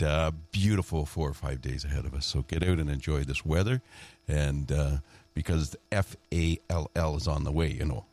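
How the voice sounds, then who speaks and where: A man hosting morning radio with an extremely deep voice. His pitch swings lively as he chats, giggles and jokes through the forecast and the banter. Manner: chatty, giggly, joking. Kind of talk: casual radio chat.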